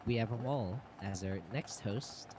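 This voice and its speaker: A man's voice: on the low side, unhurried, noisy background. A young man hosting a casual podcast, giggling and restarting his introduction. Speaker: podcast host.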